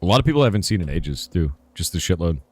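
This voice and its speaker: A hoarse man streaming live, answering chat in a rambling casual way with lots of "right?" asides. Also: low voice, big pitch swings, racing, a little mellow, dry recording. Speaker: streamer and game developer.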